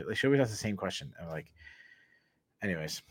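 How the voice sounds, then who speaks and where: Low-voiced man chatting, dry close sound. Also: lively intonation, quick pace, dry recording. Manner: rambling, laughs often between sentences. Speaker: podcast co-host. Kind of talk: casual chat.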